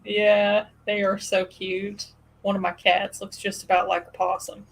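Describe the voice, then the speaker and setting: A woman hosting a casual chat, telling animated stories with plenty of fillers and laughs. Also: medium pitch, measured pace, gravelly, rough recording. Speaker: podcast host.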